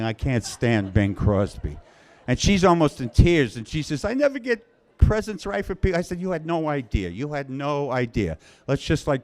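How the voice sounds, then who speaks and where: A man's voice: medium pitch, a little mellow. Wry New storyteller man. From Queens, New York. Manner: wry, conversational, self-mocking humor. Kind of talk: live personal storytelling.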